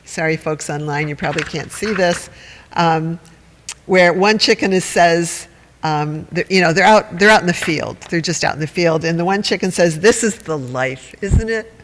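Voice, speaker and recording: A man's voice: fairly high pitch, moderate pace, a bit bright. A man teaching a dharma talk to a group, conversational and wry, with asides to his listeners. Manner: conversational, wry and self-mocking, with audience asides. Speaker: meditation teacher. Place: meditation hall. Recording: long hall reverb.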